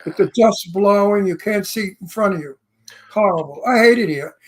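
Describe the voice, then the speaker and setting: A man's voice: high-pitched, normal speed. Brash man with a Brooklyn accent. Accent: Brooklyn New York. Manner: blunt, brash, complaining. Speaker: talk show host. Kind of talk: casual chat. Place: studio.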